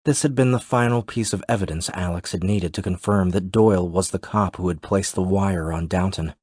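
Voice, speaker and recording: A man reads a thriller in a measured, steady voice. His tone is very low and the recording is dry and close, with no room around it. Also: husky, no echo. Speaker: audiobook narrator. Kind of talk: scripted thriller narration.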